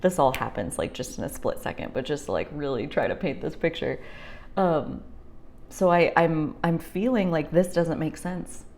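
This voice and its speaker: A young woman talking through a heartfelt personal reflection, rambling with many fillers and sometimes dropping to a soft near-whisper. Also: sits low, animated, moderate pace, gravelly. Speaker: spiritual vlogger.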